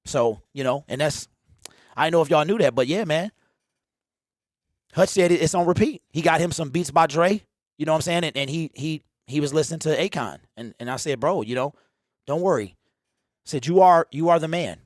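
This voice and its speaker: A man's voice: fairly high pitch, moderate pace, no echo, studio quality. A man in his forties hosting a fan livestream, rambling and teasing his chat in a casual rant. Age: 40s.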